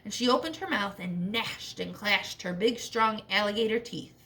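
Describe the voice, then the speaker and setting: A woman teacher reading a storybook aloud to children, expressive and checking in with questions. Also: mid-range voice, normal speed.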